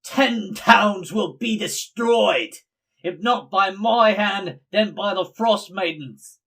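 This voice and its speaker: A man voicing a fierce adult woman druid who shouts defiant threats in a tabletop game. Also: high voice, takes it slowly, vocal fry, husky, distant mic, voice pushed up, full character voice. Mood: defiant shouting.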